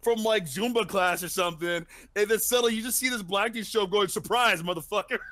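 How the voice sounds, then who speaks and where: A young man co-hosting a casual gaming podcast, excitable, laughing and stumbling over his words. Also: high voice, fast. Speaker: podcast co-host. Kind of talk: casual chat.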